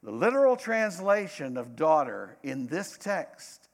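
A middle-aged man preaching a sermon, dramatic, swinging between loud bursts and hushed asides. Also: fairly high pitch, very animated, unhurried, gravelly.

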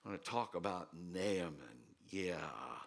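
A man's voice: sits low, slow, breathy edge. A male pastor giving a sermon, reading scripture and quizzing his listeners. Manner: quizzes listeners, lively storytelling.

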